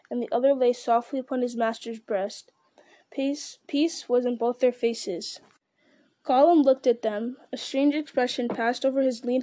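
A woman reads a story aloud in a measured, steady way. Her voice is mellow and warm, sitting slightly high. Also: no room sound. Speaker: narrator. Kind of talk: audiobook reading.

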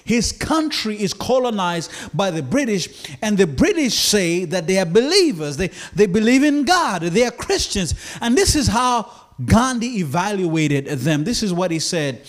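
A man preaching a sermon, slow and emphatic, building repeated phrases to a climax. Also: sits high, big pitch swings. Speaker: pastor.

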